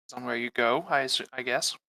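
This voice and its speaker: A player in a tabletop session who answers in character in a measured, formal way. The voice is bright and sounds dry and close. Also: medium pitch, gravelly, no echo. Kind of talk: tabletop role-play.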